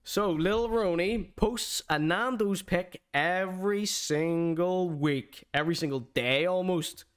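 A man's voice: high-pitched, takes it slowly, few pauses, clear, resonant tone. A man hosting a streamed show, giving a mocking, theatrical comedic rant.

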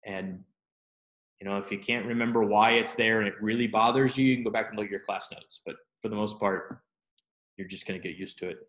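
A man teaching a Hebrew grammar class, talking students through the exercises with relaxed, self-deprecating asides and quick questions. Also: lowish voice, reverberant. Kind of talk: classroom lesson.

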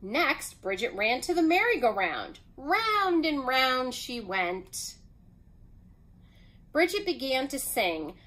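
A woman reads a children's picture book aloud at an unhurried pace. Her voice sits high and rises and falls with plenty of expression, and she lets each sentence land. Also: very animated, pushed and bright, poor audio. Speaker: storyteller.

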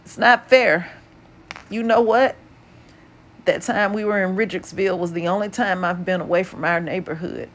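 A woman's voice: on the low side, fairly even intonation, moderate pace, voice pushed up, lightly acted. Woman reading a weak, scared teenage boy. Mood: upset. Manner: quiet, strained and shaky. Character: weak, frightened teenage boy in a hospital bed.

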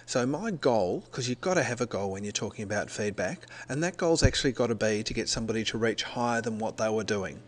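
A man's voice: on the low side, expressive, brisk, hardly any pauses. A middle-aged man from Australia, a teacher, giving a recorded presentation in a conversational way, correcting himself as he explains step by step.

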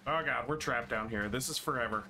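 A man's voice: mid-range voice, brisk. A man casually commenting over a video game playthrough, joking and swearing as he plays. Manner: joking, profane, excitable. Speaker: let's play host.

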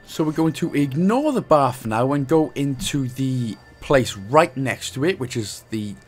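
A man's voice: mid-range voice, animated, measured pace, slightly rough, faint music behind. A young man with a Welsh accent talks through a game walkthrough in a chatty, cheeky way, joking and laughing as he plays. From Wales. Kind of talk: casual gameplay commentary.

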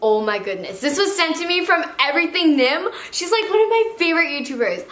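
A young woman with a high, lively voice rattles through an unboxing vlog, gasping and gushing with plenty of "like" fillers. Her pitch jumps all over as she talks. The room is echoey, with a faint hiss underneath. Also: fairly quick. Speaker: slime YouTuber host.

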